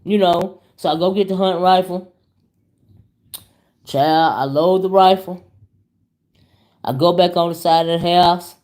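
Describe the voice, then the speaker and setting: On the low side and unhurried, this woman's voice is broken up by long pauses. She hosts YouTube commentary and tells a casual story on her vlog, animated and chatty, calling her audience "y'all" and "child."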